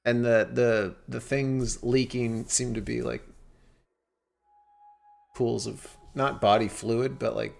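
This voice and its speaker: Man, game master, gravelly voice, rambling, frequent laughs, faint background music. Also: medium pitch, fairly even intonation, slow pace, long pauses. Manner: rambling, laughing often, many fillers and restarts. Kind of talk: narrating a tabletop horror game.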